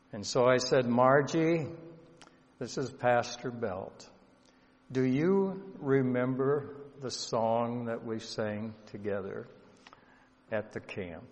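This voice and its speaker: A male pastor telling a story in a sermon, slow and earnest, with emotion rising at times. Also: lowish voice. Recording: dull lo-fi sound with long hall reverb.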